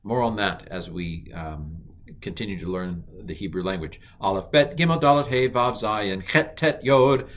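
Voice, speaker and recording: A man teaching a recorded language lesson, chatty, reciting letters slowly and cracking mild jokes. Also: fairly low pitch, a bit bright.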